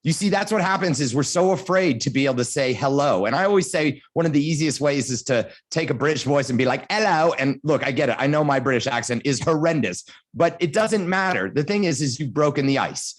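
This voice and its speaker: A man on a panel giving advice as a motivational speaker, telling lively stories and acting out little scenes. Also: a little high, brisk, hardly any pauses. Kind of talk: storytelling advice.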